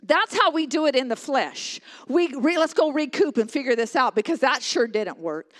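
A woman delivers a sermon in a fairly high voice. She preaches with passion, rising to loud emphatic lines and dropping to hushed, near-whispered ones. She often repeats phrases for emphasis. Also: expressive, moderate pace, few pauses.

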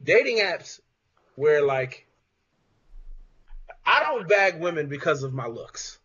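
A man's voice: on the high side, sing-song, takes it slowly, fairly bright tone, slightly rough, lo-fi sound. A man on a casual podcast, blunt and joking, swearing freely. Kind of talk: casual group chat.

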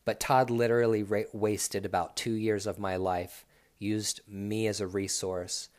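A man's voice: fairly low pitch, little pitch movement, measured pace. A man, a dancer, telling a story from his own life in a blunt, profane way. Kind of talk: casual storytelling.

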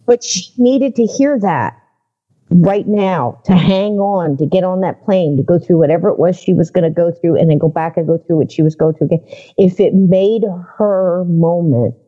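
A woman guest on a podcast, telling her experiences in a casual, animated way and acting out the people in her stories. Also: on the low side, normal speed, dull audio. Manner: animated storyteller who acts out the people in her anecdotes. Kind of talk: casual storytelling interview.

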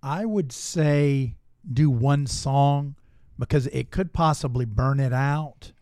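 Playful slow-rapping man. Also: mid-range voice, warm tone, no room sound, clean studio sound. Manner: playful, laughs often mid-line. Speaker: show regular. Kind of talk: comedic rapping and casual chat.

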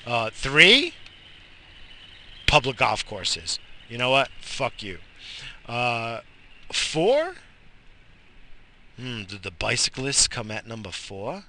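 A man sits behind the wheel of his car and rants about the road, swearing freely and breaking into loud bursts. His voice is gravelly with fry and has a hard, piercing brightness. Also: medium pitch, very animated, slow pace, long pauses, a little hiss or hum. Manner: profane, ranting, shouts in bursts. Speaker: vlogger. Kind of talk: profane driving rant.

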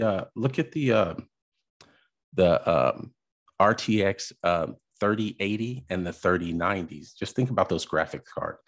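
Man, very deep voice, husky, podcast reaction commentary, exasperated. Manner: exasperated, critical, halting with fillers. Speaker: podcast host reacting to a video. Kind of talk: casual commentary.

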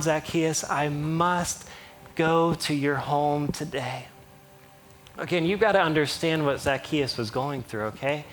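A man preaching a sermon in an animated way, with playful asides and acted-out quotes. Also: fairly high pitch. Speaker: pastor.

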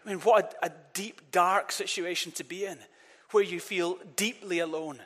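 A man's voice: sits high, steady tone, moderate pace, fairly bright tone. A man preaching a sermon in an earnest voice, often repeating words and leading the congregation in call-and-response. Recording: long reverb of a church hall.

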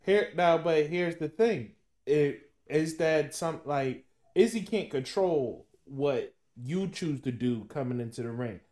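A man hosting a sports podcast, asking long, halting questions with many restarts in casual chat. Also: a little high, animated, darkish tone. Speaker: podcast host.

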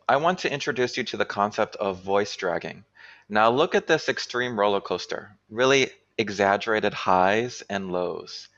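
A man presenting an online workshop for teachers, explaining clearly and checking in with "right?" often. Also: fairly low pitch, a bit bright, muffled recording. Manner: clear instructional talk with frequent "right?". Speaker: teacher trainer.

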